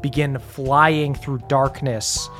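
A man's voice: medium pitch, takes it slowly, faint music behind. A man narrating as game master of a tabletop game, hesitant with frequent ums. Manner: hesitant, lots of ums, relaxed.

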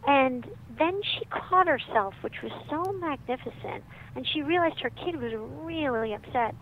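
A middle-aged woman, a psychiatrist and author, telling stories in a lively, animated way as a guest. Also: sits high, a little slow. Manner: lively, animated storyteller who laughs often. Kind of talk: storytelling in a conversation. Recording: muffled with faint background noise.

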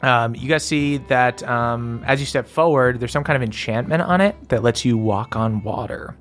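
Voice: medium pitch, normal speed, faint music behind. A game master narrating a tabletop game in a rambling way with lots of fillers.

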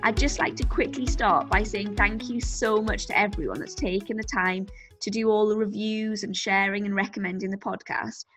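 A woman's voice: medium pitch, fairly bright tone. A woman co-hosting a podcast over a video call, chatty, laughing often and swearing casually. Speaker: podcast co-host. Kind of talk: casual chat. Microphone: remote video call.

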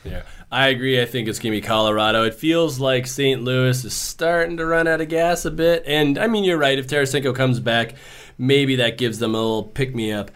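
A man co-hosting a sports podcast, giving measured takes in a relaxed, conversational way. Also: mid-range voice, clean tone. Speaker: podcast co-host. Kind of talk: casual sports talk.

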